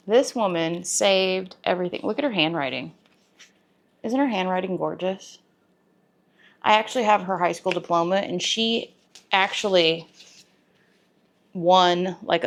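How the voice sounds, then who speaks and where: A woman, chatting to camera as a home cooking vlogger, talkative and sentimental, her voice going soft when she is moved. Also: fairly low pitch, gravelly. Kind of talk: casual talk to camera.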